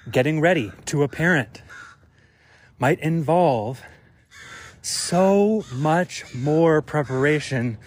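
A man's voice: on the high side, expressive, takes it slowly, long pauses, dry recording. A man hosting a podcast alone, recorded outdoors while on a walk. He muses and thinks aloud in a reflective monologue, full of fillers. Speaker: podcast host.

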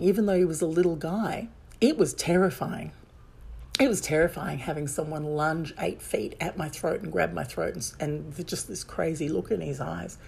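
A woman with a slightly low, mellow voice and a soft husky edge tells a personal story to camera. She talks candidly and with emphasis, looping back and restarting sentences as the thoughts come.

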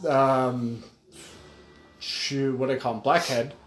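A man's voice: medium pitch, level tone, slow pace, soft background music. Crude joking man in an echoey room. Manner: crude, joking, laughs mid-story. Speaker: podcast co-host. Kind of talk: casual storytelling chat.

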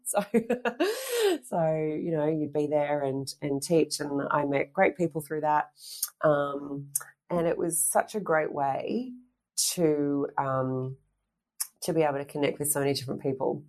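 Middle-aged woman guest with a very low voice, chatty and rambling, plenty of ums and restarts. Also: darkish tone. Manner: chatty, rambling storyteller with frequent fillers and restarts. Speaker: guest, fitness instructor and presenter. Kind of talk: casual interview chat.

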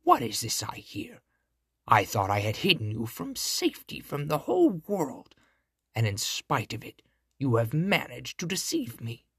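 A man's voice: mid-range voice, huge pitch swings, measured pace, fairly bright tone, husky, dry recording, studio quality, exaggerated voice. A man voicing a spiteful wicked old female witch in a storybook reading, cackling and scornful. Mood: furious.

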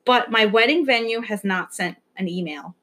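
At normal speed and in a mid-range, fairly bright voice, a young woman from the New York area co-hosts a podcast. The talk is loose and anxious in its rambling, with some swearing mixed in.

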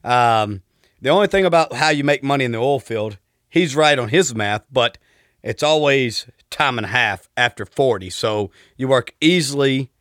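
A man talks at normal speed in a medium-pitched, fairly bright voice, on a dry recording with clean studio sound. As a podcast guest, this Southern-accented Texan in his thirties tells casual stories in an easygoing, polite way.

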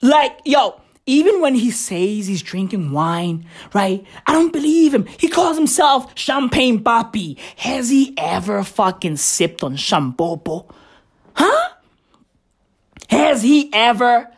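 A woman hosting a comedy podcast, ranting with nonstop swearing and shouted bursts. Her voice sits high and jumps around a lot, yet she takes her time between lines. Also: lively intonation, measured pace, few pauses, husky. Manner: profane, rowdy, loud and laughing. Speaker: podcast host.

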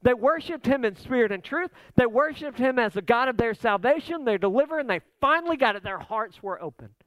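Male pastor, high-pitched, dry close sound, impassioned sermon delivery. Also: expressive, fairly quick, a bit bright, dry recording. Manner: impassioned preaching, voice rising and dropping.

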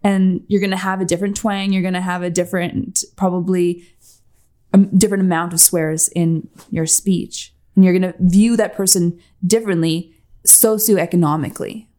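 A woman's voice: lowish voice, fairly even intonation, normal speed, mellow. Wry woman on a casual podcast. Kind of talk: casual chat.

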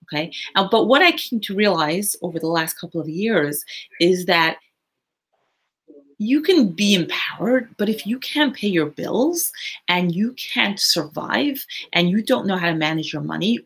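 Woman guest with a Brooklyn accent, husky voice, earnest and deliberate. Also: on the low side, lively intonation, fairly bright tone. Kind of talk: interview answers. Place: at her office.

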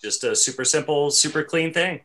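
Male podcast host, bright and forceful tone, halting casual delivery. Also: a little high. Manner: halting, lots of "uh"s.

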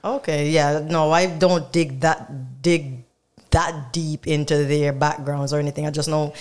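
A Jamaican woman speaks in a low, smooth, clear voice. She is a guest in a casual interview and explains things in a relaxed way, laughing easily. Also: a little slow. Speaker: guest artist.

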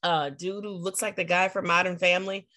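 A woman co-hosting a casual chat, animated and acting out quotes in lively voices. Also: fairly low pitch, brisk. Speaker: podcast co-host.

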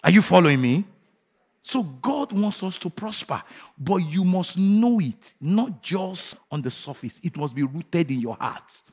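A man preaching a fervent sermon who asks his congregation questions and leads them in shouted declarations. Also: sits high, expressive, measured pace, husky. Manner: asks the crowd rhetorical questions. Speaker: pastor.

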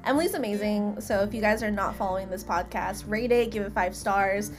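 A woman's voice: mid-range voice, a little fast, soft background music. A young woman guesting on a podcast, chatting playfully with nervous laughter. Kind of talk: casual chat.

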